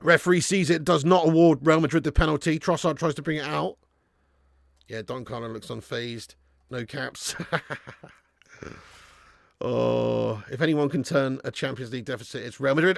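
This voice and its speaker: A man hosting a live football watch-along, commentating excitedly and chatting casually with viewers in the comments. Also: medium pitch, moderate pace, gravelly, pauses often, no echo, studio quality. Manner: excitable, jumps up at big moments. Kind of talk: live match commentary reading chat.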